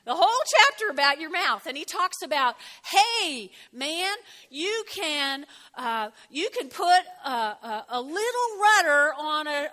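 High bright woman preaching in a reverberant hall. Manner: animated, chatty, jokes and laughs with the congregation. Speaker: pastor. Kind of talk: lively sermon. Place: church hall. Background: congregation shouting out.

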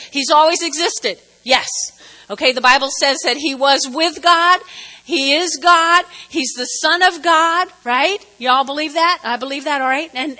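A woman pastor preaching an animated, conversational sermon and drawing responses from her congregation. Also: high-pitched. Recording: reverberant hall.

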